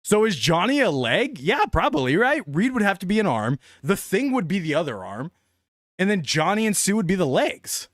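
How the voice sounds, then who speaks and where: An excitable young man streaming live, talking casually and laughing often. His voice sits high and swings widely. The sound is close and dry. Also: moderate pace, dry recording.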